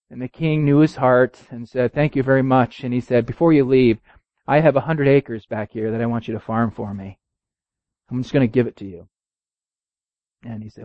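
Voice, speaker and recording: A man preaching a sermon, telling a story and reading scripture, his voice swinging from loud and high to low and quiet. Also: fairly quick, no room sound. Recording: dull, dry lo-fi recording.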